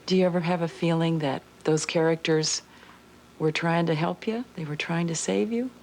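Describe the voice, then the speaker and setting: A woman's voice: lowish voice, fairly even intonation, normal speed, darkish tone. A woman hosting a TV magazine show, asking curious, prompting questions and reading scripted narration. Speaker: TV magazine interviewer and host.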